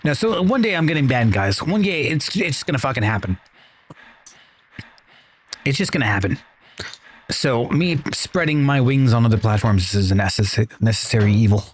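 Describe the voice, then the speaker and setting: A man's voice: mid-range voice, expressive, moderate pace, pauses often, a little hiss or hum. A man streaming a video game, chatting casually with his viewers, rambling and swearing freely. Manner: rambling, profane, talks to chat. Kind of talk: casual chat while gaming.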